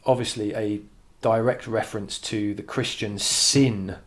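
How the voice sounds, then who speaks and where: A man with a slightly low voice talks through a poem as a teacher. He thinks aloud, repeats and restarts his phrases, and reads the quoted lines with stress. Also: steady tone, unhurried. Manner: thoughtful, many restarts, reads quotes with emphasis. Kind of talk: poetry analysis lesson.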